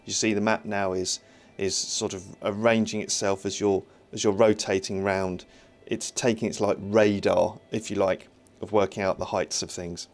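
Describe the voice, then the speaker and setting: A man's voice: on the low side, gravelly. A man streaming live as he builds his own game, chatting, reading viewer comments and thinking aloud with a self-mocking humour.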